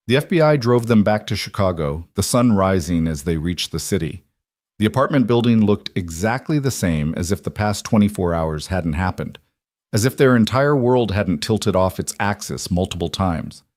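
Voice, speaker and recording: Male narrator, low and steady, dry studio sound. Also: no echo. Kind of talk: scripted story narration.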